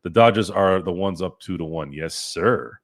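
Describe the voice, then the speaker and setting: A man's voice: low voice, brisk. A man hosting a live-stream sports chat, ranting and cursing in a fired-up way. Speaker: sports podcast host.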